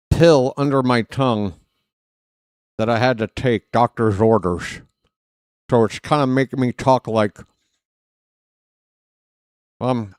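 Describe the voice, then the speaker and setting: This streaming host calls a live baseball game in a loose, jokey, self-deprecating style that wanders. He has a smooth, mid-range voice, captured in a clean studio with no echo.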